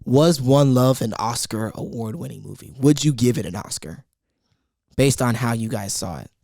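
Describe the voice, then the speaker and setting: A man's voice: medium pitch, normal speed, creaky, a little mellow, no echo, clean studio sound. A teenage boy co-hosting a student podcast, eager and slangy in casual chat. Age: teens.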